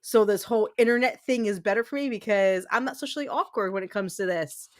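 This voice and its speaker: Woman, livestream host, casual chat, giggly, excitable, mid pitch. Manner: chatty and giggly, quick bursts of excitement.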